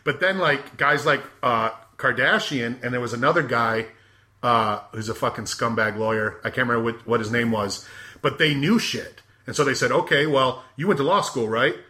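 A man's voice: mid-range voice, moderate pace, sharp tone. A man chatting casually, filling in background for listeners with many fillers and asides. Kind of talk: casual podcast chat.

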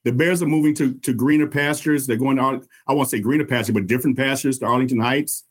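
A man's voice: medium pitch, fairly even intonation, fast. Earnest man explaining his politics. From Chicago. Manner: earnest, repeats words while explaining. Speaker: alderman and mayoral candidate. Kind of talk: interview answers.

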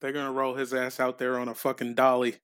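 A man's voice: mid-range voice, monotone, fast talker, a bit bright, smooth. A man co-hosting a comedy podcast in casual chat, reading out joke letters in a dry way. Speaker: podcast co-host.

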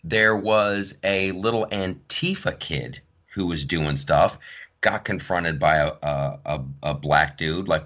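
This podcast host speaks slowly in a low-pitched male voice, spinning stories during a relaxed conversation. He brings each character to life, voicing their lines with lively flair.

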